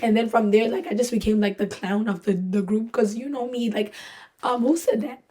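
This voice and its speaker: A woman's voice: fairly high pitch, brisk. A woman hosting a podcast, telling a story in a casual, jokey way, acting out what people said and filling with lots of "like". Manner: animated, jokey, full of fillers and voiced-out quotes. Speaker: podcast host.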